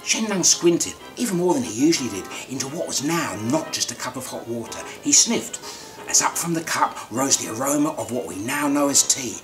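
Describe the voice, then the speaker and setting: A man with an Australian accent delivering a scripted comic monologue in a wry, mock-grand deadpan manner. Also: medium pitch, fairly quick, low-quality recording. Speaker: comic narrator. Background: music.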